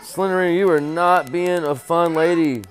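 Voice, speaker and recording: A man playing a horror game, joking and talking to the monster, with low mutters and loud startled yelps. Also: fairly even intonation, normal speed. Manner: jokey, talks to the game character, repeats silly chants. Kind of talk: casual let's-play commentary.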